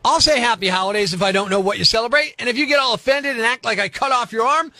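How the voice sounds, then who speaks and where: A man's voice: extremely high pitch, fast talker, pushed and bright, dry recording. A man hosting a morning rock radio show, delivering a sarcastic, punchy rant from a studio. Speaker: radio host.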